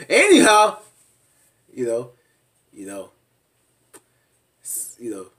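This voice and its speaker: Animated man recapping, from a distant mic. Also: very slow. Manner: animated, laughing, mimics people in high squeals. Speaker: reality TV reviewer. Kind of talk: casual recap vlog.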